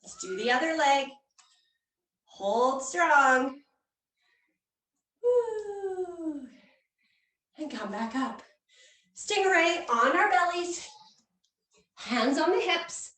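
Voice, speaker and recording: A woman's voice: sits high, lively intonation, takes it slowly, pauses often, fairly bright tone. A woman yoga instructor leading a playful, encouraging children's yoga class at an indoor fair, with cheery whoops. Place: indoor hall at a public fair. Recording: echoey room, voice from far off.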